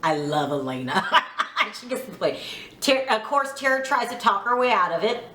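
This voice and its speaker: A woman's voice: medium pitch, lively intonation, moderate pace, sharp tone, reverberant. A woman giving a casual, frank recap of a reality TV episode. She is opinionated, curses a little, and acts out the lines she quotes. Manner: frank, opinionated, mildly profane.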